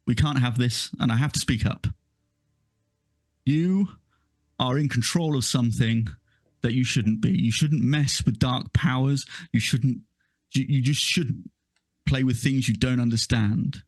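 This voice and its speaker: A man's voice: mid-range voice, unhurried, natural voice. A man playing an outspoken father who angrily accuses a village leader. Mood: accusing. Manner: indignant, accusing. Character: angry middle-aged father, outspoken accuser.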